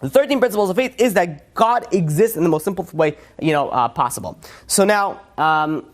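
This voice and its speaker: A man's voice: high-pitched, lively intonation, moderate pace. Man, rabbi, religious lecture, emphatic, rhetorical questions, frequent restarts. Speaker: rabbi teaching a weekly class.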